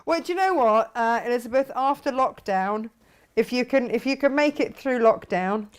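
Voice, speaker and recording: A woman's voice: a little high, moderate pace, clear, resonant tone. A woman hosting a casual craft live stream, chatting with a guest and reading out viewer comments with frequent laughter. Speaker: craft show host.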